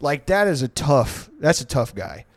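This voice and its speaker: A man's voice: a little high, big pitch swings, a little slow, no echo. A man telling a story on a podcast, rambling and profane with many fillers. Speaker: podcast co-host. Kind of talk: casual storytelling.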